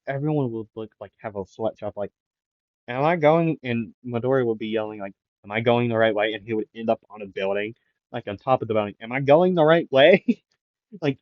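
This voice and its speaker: A man's voice: fairly low pitch, no echo. A man improvising a fan what-if story, rambling with many fillers and restarts, in a dull, lo-fi recording. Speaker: anime channel host.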